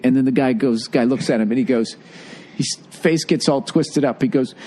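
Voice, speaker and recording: A man chatting casually, telling a story in an animated, profane way and acting out the people in it. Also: mid-range voice, normal speed. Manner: animated, profane, acts out quotes with shouts.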